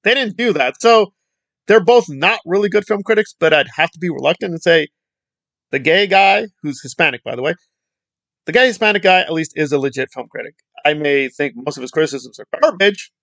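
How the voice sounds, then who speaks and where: A man's voice: on the high side, expressive, a little fast, fairly bright tone, no room sound. A man giving a ranting film commentary in a heated, rambling, sarcastic way.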